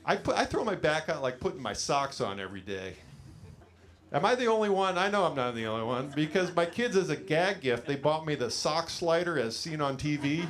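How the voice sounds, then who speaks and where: A man's voice: on the high side, very animated, brisk, a bit bright. A middle-aged man from California doing a stand-up comedy set, telling rambling self-deprecating stories full of fillers on a small studio stage.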